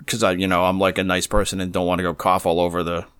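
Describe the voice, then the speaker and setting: A man's voice: low-pitched, completely flat delivery, fast, fairly bright tone, smooth, dry recording. A man hosting a comedy podcast, chatting casually in a jokey style with playful exaggeration. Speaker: podcast host.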